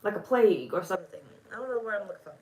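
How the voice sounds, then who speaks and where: Woman, tarot reader, casual monologue to the viewer, blunt, profane, mid-pitched voice. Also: expressive, racing, darkish tone, low-quality recording. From United States. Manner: blunt, swears freely, talks straight to the viewer.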